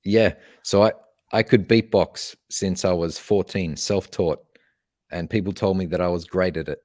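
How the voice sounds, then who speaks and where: Very deep-voiced man telling his story. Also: steady tone, normal speed, darkish tone, dry recording, studio quality. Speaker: podcast guest, motivational speaker. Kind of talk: conversational interview.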